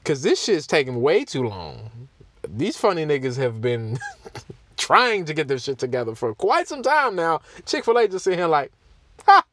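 A man's voice: fairly high pitch, big pitch swings, normal speed, fairly bright tone, no echo. A young man hosting a casual solo podcast, ranting in a profane, mocking way and laughing often. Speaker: podcast host.

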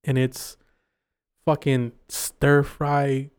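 A man's voice: mid-range voice, little pitch movement, extremely slow, clean tone. Teasing, profane young man. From Mexican-American. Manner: profane, teasing, relishes describing food. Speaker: podcast co-host. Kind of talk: casual chat.

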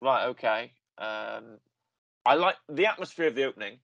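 A man's voice: medium pitch, lively intonation, normal speed, vocal fry, a bit bright, dry recording, lo-fi sound. A man co-hosting a casual film podcast, rambling with frequent ums and restarts. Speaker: podcast co-host.

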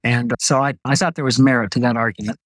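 Older man, retired military doctor, anecdotal storyteller, medium pitch, dry sound. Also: quick pace, dry recording, rough recording. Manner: relaxed anecdotal telling with repeated starts. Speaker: retired Navy doctor, guest. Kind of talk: storytelling in an interview.

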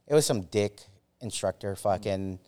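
A man in his forties with a fairly low voice tells a story as a podcast guest. He talks in a casual, halting way, swearing often and restarting his sentences, with plenty of fillers. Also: dark tone. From United States. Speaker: former Army Ranger.

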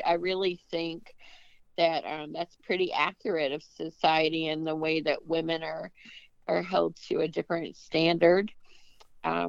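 A woman's voice: lowish voice, creaky, no room sound, lo-fi sound. A woman interviewer asking questions in a hesitant, thoughtful way.

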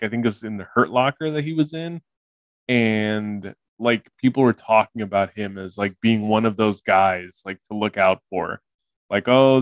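A man's voice: fairly low pitch, no room sound. Young male podcast host, loose filler-heavy banter, close dry mic. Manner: laughing, filler-heavy, rambling. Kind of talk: casual movie podcast chat.

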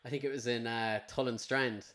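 A man's voice: mid-range voice, fairly even intonation, normal speed, a bit bright. An Irish man hosting a podcast, telling stories animatedly and swearing freely. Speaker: podcast host. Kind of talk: casual chat.

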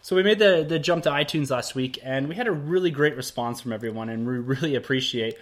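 A man's voice: medium pitch, fast talker. A man co-hosting a casual podcast, chatty and laid-back, often laughing. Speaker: podcast co-host. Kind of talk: casual chat.

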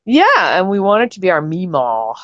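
A woman's voice: fairly low pitch, wildly swooping pitch, normal speed, no room sound, highs cut off. A woman co-hosting a podcast, chatting casually and rambling with fillers and teasing asides. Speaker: podcast co-host. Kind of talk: casual chat about a soap opera.

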